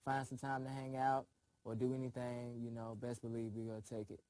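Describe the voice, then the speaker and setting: A man's voice: mid-range voice, completely flat delivery, fairly quick, mellow, no echo. A man reflecting casually on a friendship in a documentary interview.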